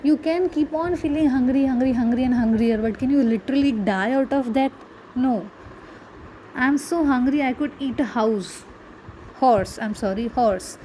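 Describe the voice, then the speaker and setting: A woman's voice: high-pitched, moderate pace, mellow, a little hiss or hum, low-quality recording. Woman teacher asking questions. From India. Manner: explains patiently, asks rhetorical questions. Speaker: English teacher. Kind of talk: classroom grammar lesson.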